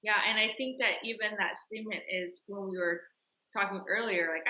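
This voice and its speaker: Woman interviewer, earnest and reflective, bright forward tone. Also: mid-range voice, fairly even intonation, fairly quick, low-quality recording. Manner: earnest, warm-worded, reflective. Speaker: interview host. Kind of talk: conversational interview.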